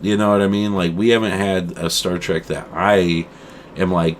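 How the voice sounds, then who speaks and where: A middle-aged man co-hosting a casual chat show, rambling and animated, calling his friend "dude" and "man". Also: low-pitched, moderate pace, a little hiss or hum. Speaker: podcast co-host.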